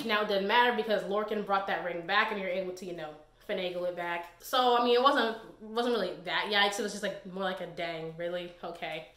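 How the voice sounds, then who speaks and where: A young woman reviewing a book in a casual, sassy, exasperated rant. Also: a little high. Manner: animated, sassy and exasperated, slips into quoted voices. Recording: echoey room.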